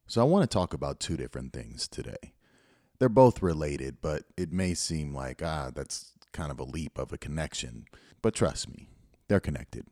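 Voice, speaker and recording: Man, very deep voice, dry close sound, earnest motivational podcast host, storytelling. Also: expressive, moderate pace, dark tone, no echo. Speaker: podcast host and youth football coach.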